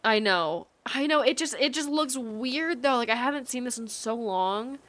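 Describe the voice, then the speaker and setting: A woman's voice: on the high side, animated, moderate pace, a bit bright. Chatty rambling woman streamer. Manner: chatty and rambling, full of likes and ums. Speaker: livestreamer. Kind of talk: casual chat while gaming.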